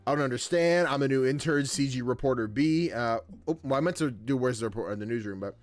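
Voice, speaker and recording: Soft music plays behind a young man's mid-range voice as he talks at a quick pace. A gaming YouTuber, he's doing laid-back let's-play commentary, reading game text and goofing around, chatty and slangy with lots of laughter.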